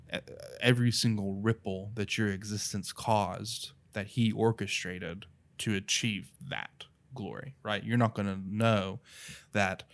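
Man, Appalachian accent, lowish voice, casual faith talk, earnest, rambling. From North Carolina. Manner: earnest, rambling, many "you know" and "right".

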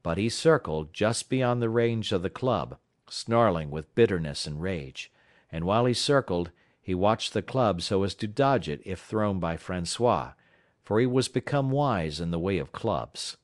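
A man from South Carolina reading a classic novel aloud as an audiobook narrator, in a measured, steady storytelling manner. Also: low-pitched, no room sound, studio quality.

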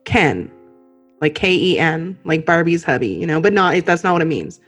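A woman's voice: sits low, animated, moderate pace, fairly bright tone, husky, soft background music. Giggly woman hosting a casual podcast. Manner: giggly, playful, lots of "um". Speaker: podcast host. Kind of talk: casual chat between friends.

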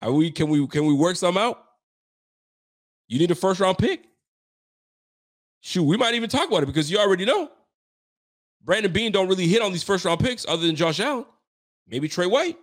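A man's voice: sits high, animated, fairly quick, pauses often. A young man hosting a sports show, venting in a heated postgame rant, slangy and repetitive. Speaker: sports podcast host.

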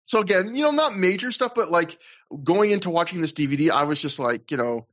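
A man's voice: high-pitched, lively intonation, fairly quick, a bit bright, highs cut off. A man hosting a casual podcast, rambling through a recap, often laughing and restarting his sentences. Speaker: podcast host.

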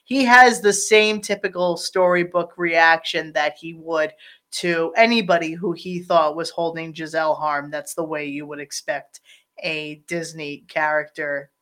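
A woman's voice: low-pitched, unhurried. A woman in casual chat, rambling through a film scene and acting out the characters' lines. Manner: rambling, animated, acts out quotes. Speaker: podcast co-host discussing a film.

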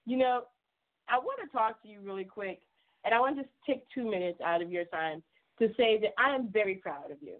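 A woman's voice: mid-range voice, lively intonation, a little fast. A woman hosting a casual radio show, effusive and encouraging, laughing often as she chats with callers. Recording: tinny phone-like line.

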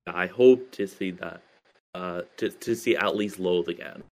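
A man's voice: deep voice, measured pace, a little mellow. A man chatting as a podcast guest about his band, talking hesitantly with many fillers and restarts. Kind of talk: casual interview chat.

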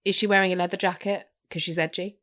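A woman's voice: lowish voice, steady tone, quick pace, fairly bright tone. Playful woman asking teasing questions. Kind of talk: casual chat.

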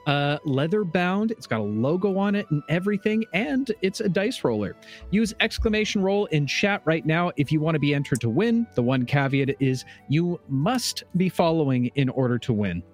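Man, game master and host, high voice, swooping animated delivery, playful showman. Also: moderate pace, soft background music. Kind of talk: live-streamed tabletop game wrap-up.

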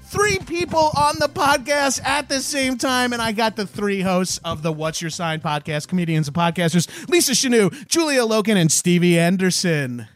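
A man's voice: sits high, animated, normal speed, few pauses, dry recording, soft background music. A man hosting a casual comedy podcast from a home studio, joking, swearing and laughing often. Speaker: podcast host. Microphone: studio mic.

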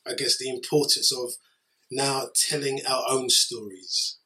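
A podcast co-host reflecting thoughtfully and haltingly on a conversation. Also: medium pitch, steady tone, sharp tone. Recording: distant mic with faint background noise.

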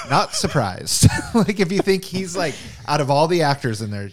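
A man's voice: on the high side, big pitch swings, measured pace, slight background noise. A man hosting a casual movie podcast, reading out fun facts and laughing often as he leads the talk. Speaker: podcast host.

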